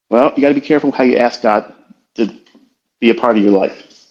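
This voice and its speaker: Middle-aged guy talking slow and earnest, mid-pitched voice, kinda dull muffled stream audio. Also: a little mellow. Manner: earnest, confessional, slow and halting. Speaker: trading educator hosting a live audio room. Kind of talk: reflective motivational talk.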